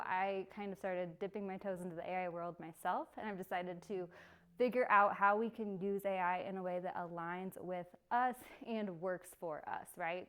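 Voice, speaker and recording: A woman's voice: mid-range voice, clean tone. A young woman giving a casual live workshop, chatty and bubbly, laughing often. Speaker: workshop presenter.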